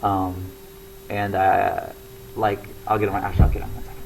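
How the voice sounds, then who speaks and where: A man's voice: low-pitched, little pitch movement, fairly quick, gravelly, a little mellow, slight background noise, low-quality recording. A young man talking casually to camera, rambling with lots of fillers and restarts. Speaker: comedy show regular.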